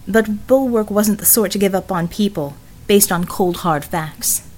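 Unhurried woman audiobook narrator. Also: mid-range voice, darkish tone. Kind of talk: scripted narration.

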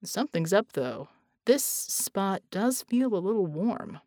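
A woman reader voicing a calm, steady man who speaks quietly and evenly. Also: mid-range voice, slow, dry recording, clean studio sound, exaggerated voice.

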